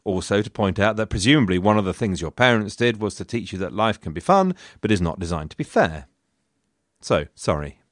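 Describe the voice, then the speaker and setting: A man's voice: fairly low pitch, expressive, brisk, dry recording. A man hosting a history podcast, telling the story in a wry, conversational way with dry asides. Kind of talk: scripted history narration.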